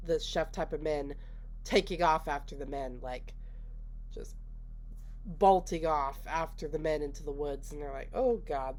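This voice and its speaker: A woman giving a casual, unhurried recap of a film's plot, slipping into quoted lines and laughing now and then. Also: low-pitched. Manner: unhurried, retells scenes with quoted voices and laughs. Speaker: movie reviewer.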